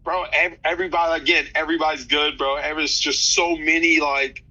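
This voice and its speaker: Casting: man in his 30s, very bright slightly high voice, slangy rambling interview guest, dull lo-fi audio. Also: little pitch movement, brisk. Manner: loose, rambling, slangy, many restarts. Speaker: fighter guest. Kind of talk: casual interview chat.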